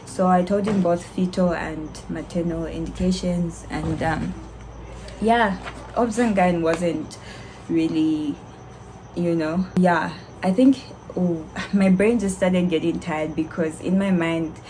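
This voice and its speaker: A young woman, a doctor, telling a candid, animated story to her vlog viewers with frequent laughter. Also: on the low side, slow pace, a little hiss or hum, rough recording. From Zambia.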